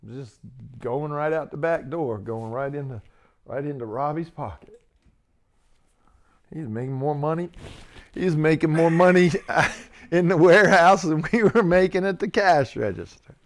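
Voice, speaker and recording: A man's voice: a little high, a little slow. A man, a minister and coach hosting his channel, telling stories in a rambling, filler-heavy way and laughing often. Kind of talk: casual storytelling talk.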